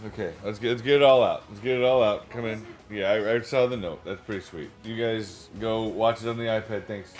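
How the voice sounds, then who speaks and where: A tired man hosting a livestream from home, chatting casually with viewers in a rambling way and repeating himself. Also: on the low side. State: tired from a sleepless night. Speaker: livestream host reading books aloud. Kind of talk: casual chat with live viewers. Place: home with family nearby.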